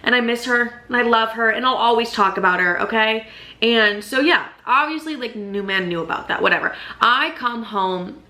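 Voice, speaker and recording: Bright-voiced young woman, chatty and emphatic. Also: a little high, normal speed. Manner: emphatic and chatty, heavy swearing and constant "like" fillers. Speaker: YouTube vlogger. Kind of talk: casual storytelling to camera.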